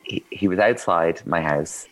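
Man, deep voice, candid anecdotal guest with a self-deprecating streak. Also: measured pace, a bit bright. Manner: candid, self-mocking, chatty with fillers. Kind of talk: casual anecdotal storytelling.

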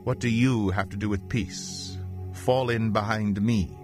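A man's voice: lowish voice, steady tone, measured pace, over music, lightly acted. A man reading the part of a bold, commanding army commander who speaks bluntly.

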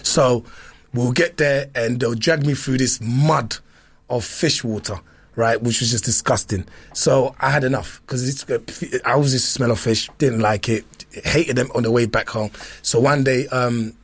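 A guest from London tells playful stories in casual chat, restarting himself often. His mid-range voice has a steady tone, a breathy edge, and a moderate pace.

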